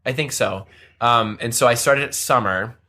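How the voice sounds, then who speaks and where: A young man co-hosts a comedy podcast, and his voice comes across bright and forceful. He wanders through his stories in a loose, casual way, packing them with fillers. His pitch sits at a middling level for a man. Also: moderate pace. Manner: rambling, filler-heavy storytelling. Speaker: podcast co-host.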